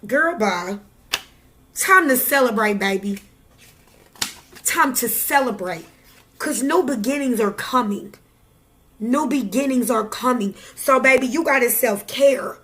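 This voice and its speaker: A woman speaks to camera in a casual vlog, giving the viewer a raw, preachy pep talk. Her voice sits high and sounds bright and clear. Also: unhurried, pauses often. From Midwest United States. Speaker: tarot reader vlogger.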